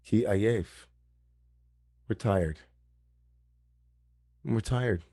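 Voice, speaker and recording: A rabbi delivers a reflective sermon in a lowish male voice, circling back to key phrases for emphasis. The sound is close and dry, with no room echo. He speaks through a video call setup. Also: very slow, mellow. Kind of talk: sermon at an online service.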